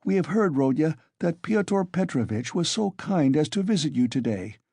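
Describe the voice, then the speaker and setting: A man's voice: a little high, animated, moderate pace, darkish tone, husky, no echo, clean studio sound, pitched above the performer's own voice. A man doing a timid tearful mother. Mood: pleading. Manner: timid, pleading. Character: anxious tearful middle-aged mother.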